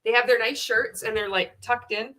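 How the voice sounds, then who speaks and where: A woman's voice: on the high side, steady tone, normal speed, bright, forceful tone. A woman giving casual live-stream commentary, blunt and profane, with frequent laughter. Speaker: anti-MLM commentator.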